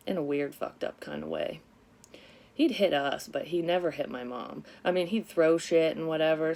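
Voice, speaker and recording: A woman's voice: sits low, a little mellow, slight background noise. A woman vlogger candidly telling a personal story in a casual, rambling way, with lots of swearing and frequent self-corrections. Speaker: psychic medium vlogger.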